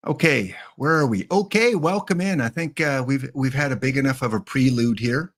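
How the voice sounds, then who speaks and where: A man's voice: medium pitch, normal speed. A Canadian man in his fifties, a game streamer chatting casually and jokily with his viewers. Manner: rambling, jokey, talks to chat. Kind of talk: casual live-stream chat.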